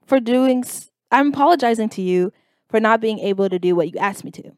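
A woman's voice: fairly high pitch, a little fast, clean tone, no echo. Young woman vlogger, exasperated storytelling, dry close sound, lots of "like". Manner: animated, exasperated, full of filler words. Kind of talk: casual storytelling vlog.

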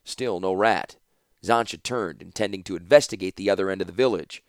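A man narrating a fantasy audiobook in a dramatic, expressive storytelling manner. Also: low-pitched, brisk, clean tone, no room sound, studio quality.

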